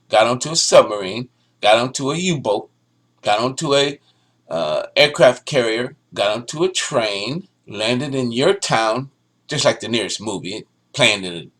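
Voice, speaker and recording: A man giving sarcastic, ranting news commentary, often restarting his sentences. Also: mid-range voice. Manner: sarcastic, ranting, animated delivery with stammered restarts. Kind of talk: opinionated solo commentary.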